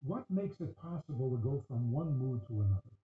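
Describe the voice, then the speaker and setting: Male religious teacher, questioning, animated delivery; echoey, phone-like audio. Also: medium pitch, fairly quick. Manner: questioning, acts out dialogue, laughs often. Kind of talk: Torah class talk. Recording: echoey tinny phone-like recording.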